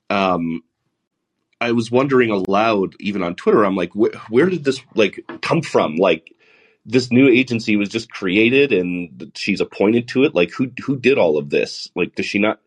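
A man with a baritone voice hosting a live podcast, talking through the week's news with sarcastic asides. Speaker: podcast host. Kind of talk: solo podcast monologue.

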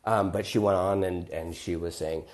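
A man with a fairly low voice tells a personal story on a podcast. He talks casually and with energy, often backing up and adding fillers as he goes. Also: fairly even intonation, normal speed. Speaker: podcast host.

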